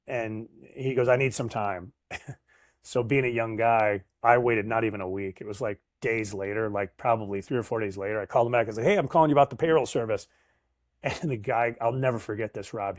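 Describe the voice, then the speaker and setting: A middle-aged sales professional, appearing as a guest in a casual storytelling interview, animatedly recounts sales stories and acts out the voices he quotes. His voice is mid-range at a moderate pace, recorded in a clean studio with no echo.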